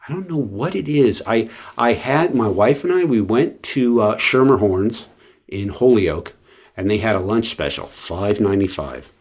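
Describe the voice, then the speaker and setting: A man's voice: on the low side, animated, moderate pace, breathy edge. A man chatting casually to the camera in a rambling way, full of fillers and restarts. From West Coast of the US. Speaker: vlogger.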